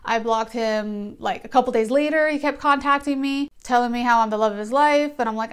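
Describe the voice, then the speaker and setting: A woman's voice: on the high side, fairly even intonation, normal speed, smooth. A young woman vlogger telling a personal story in a casual, blunt, profane way with sarcastic asides.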